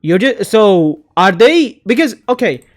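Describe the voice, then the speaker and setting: A young man giving casual opinion commentary on games, rambling and animated, often cutting himself off mid-sentence. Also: high voice, measured pace. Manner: rambling, animated, self-interrupting. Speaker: gaming video creator.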